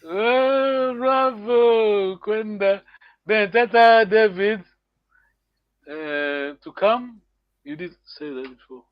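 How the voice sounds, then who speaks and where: A man's voice: high-pitched, slow pace, clear, resonant tone, dry recording, highs cut off. A man teaching a language class online, encouraging students and repeating words often.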